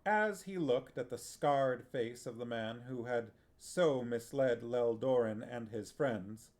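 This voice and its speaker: A man streaming himself reading a fantasy novel aloud in a steady, unhurried way and adding casual asides. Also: mid-range voice. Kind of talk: book narration with chat asides.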